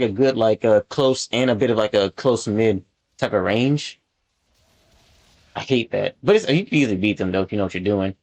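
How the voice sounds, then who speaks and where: Casual gameplay commentary comes from a male gaming channel host speaking at a typical middle pitch. He rambles and leans on fillers like um and like. When annoyed, he turns noticeably louder and more animated.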